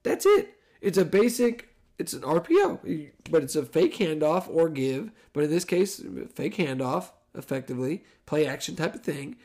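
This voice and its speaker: A man, a father with young kids, giving a rambling, animated solo commentary on a football game and correcting himself as he goes. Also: a little high, moderate pace. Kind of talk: casual solo sports commentary.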